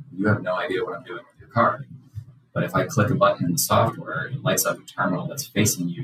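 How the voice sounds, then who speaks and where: A man's voice: low voice, pushed and bright, slight background noise, poor audio. A man, a company co-founder and guest, explaining payment processes in a plain, practical way. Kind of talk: explaining to an interviewer.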